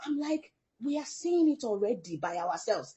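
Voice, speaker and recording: A middle-aged woman from Africa, a parent guest in an interview, telling a story with animated delivery and acting out the people she quotes. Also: a little high, normal speed, noisy background. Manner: animated storyteller who acts out quoted dialogue.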